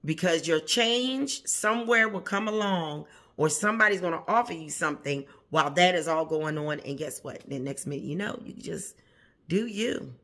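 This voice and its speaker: Bright-voiced woman giving folksy encouragement. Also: sits low, moderate pace. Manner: encouraging, folksy, repeats phrases for emphasis; chuckles often mid-sentence. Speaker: plant channel host. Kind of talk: casual motivational talk to viewers.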